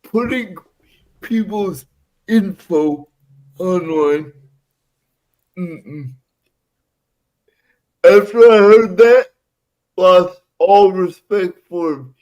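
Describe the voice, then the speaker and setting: A man's voice: high voice, extremely slow, long pauses, darkish tone, poor audio. A man who is a guest on a live stream, chatting casually in a blunt, profane way.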